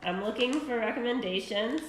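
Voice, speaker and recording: A woman's voice: fairly high pitch, fairly quick, echoey room, a little hiss or hum, rough recording. A woman co-hosting a casual live Q&A who mostly chimes in with short questions and interjections. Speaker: co-host.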